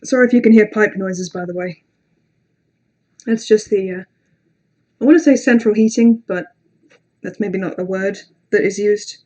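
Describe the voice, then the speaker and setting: A woman hosts a relaxed livestream and talks straight to her viewers. Her speech rambles, full of fillers and restarts, with casual swearing and self-mocking asides. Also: mid-range voice, moderate pace, pauses often. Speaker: livestream host.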